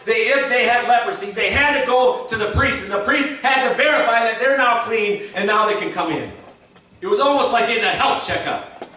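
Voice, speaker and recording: A pastor with a very high-pitched, pushed, bright voice preaches an emphatic sermon, calling on the congregation to repeat his words. He's recorded from far off in an echoey church sanctuary.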